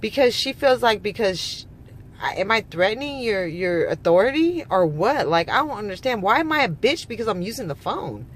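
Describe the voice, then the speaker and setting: A woman's voice: mid-range voice, big pitch swings, normal speed, a little hiss or hum. A woman from California, a mother, telling a story in a heated, profane vlog rant, quoting people back and forth. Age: adult mother. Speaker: vlogger.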